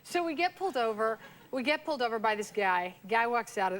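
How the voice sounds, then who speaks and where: A woman in her forties with a somewhat high voice tells a story as a guest on a late-night talk show. She is animated, laughing and acting out the other people's voices. Faint background noise sits under the broadcast sound. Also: a little fast. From US West Coast. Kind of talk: casual chat, anecdote telling. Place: TV studio with audience.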